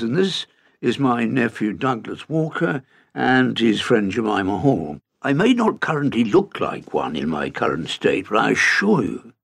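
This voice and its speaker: A man's voice: medium pitch, gravelly, full character voice. A man voicing a polite, formal, flustered inventor shrunk to a tiny fly in a storybook reading. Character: tiny, polite, fussy male inventor, part-mayfly.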